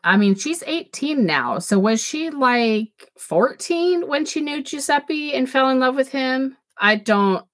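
A woman's voice: high voice, lively intonation, slow, hardly any pauses. A woman co-hosting a casual book podcast, incredulous and exasperated about the story, swearing freely.

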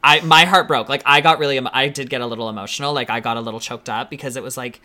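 A man co-hosting a casual podcast chat, animated and campy, acting out quotes as he talks. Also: mid-range voice, very fast. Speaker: podcast co-host.

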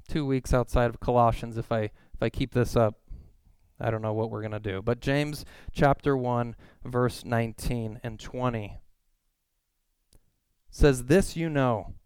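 A man's voice: mid-range voice, a little mellow, smooth, dry recording. A man in his thirties preaching a sermon, telling a family story in a casual, self-deprecating way. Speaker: pastor.

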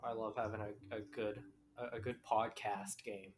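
Very low-voiced joking woman. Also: normal speed, over music. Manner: excitable, joking, swears casually. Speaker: podcast co-host. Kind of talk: casual chat.

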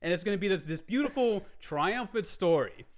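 A young man tells a story in a lively, expressive voice that climbs and dips as he goes. He sits a touch high for a man, swears freely and corrects himself mid-sentence. Faint music sits beneath the talk. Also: normal speed. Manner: animated storytelling, swears a lot, self-correcting. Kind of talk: casual chat, pitching a comedy movie idea.

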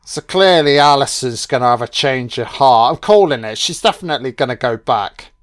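A man's voice: mid-range voice, expressive, brisk. A man giving profane, sarcastic reaction commentary on a film.

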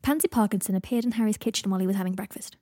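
A woman reading a story aloud in an even, steady narrating voice. Her tone is mellow and warm with a soft, breathy edge. The recording is close and dry with no room sound. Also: medium pitch, very fast, no echo. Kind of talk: audiobook reading of fan fiction.

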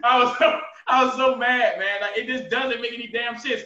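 A man co-hosting a casual podcast, ranting loudly and profanely, with shouted outbursts and laughter. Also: very high-pitched, fairly even intonation, moderate pace. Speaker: podcast co-host. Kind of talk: casual chat. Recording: roomy, distant, dull sound.

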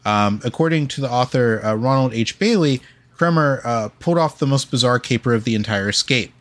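A man's voice: mid-range voice, expressive, brisk. A man co-hosting a casual history podcast, reading from his notes with frequent ums and uhs. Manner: reads facts with many ums and uhs. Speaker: podcast co-host.

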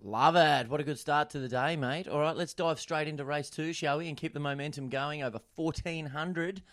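A man's voice: fairly high pitch, normal speed, fairly bright tone, no room sound, studio quality. A man hosting a racing preview podcast, reading out odds and cracking puns on horse names. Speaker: podcast host. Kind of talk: jokey racing preview banter.

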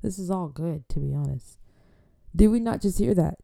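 A woman gives casual faith commentary in a teasing, preachy way and laughs often. Her voice is gravelly and very dark. The sound is dry and close. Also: on the low side, lively intonation, normal speed, no room sound. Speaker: faith vlogger.

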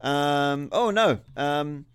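A man's voice: fairly high pitch, extremely slow, smooth. A British man co-hosting a podcast, chatting casually and rambling with lots of fillers and restarts. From United Kingdom. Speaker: podcast co-host. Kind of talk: casual chat.

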